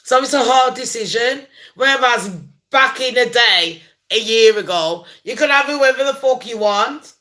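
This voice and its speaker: A woman's voice: a little high, measured pace, pushed and bright. A woman vlogger delivering a rambling, profane, heated rant about the news. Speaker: gossip vlogger. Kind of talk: ranting commentary vlog.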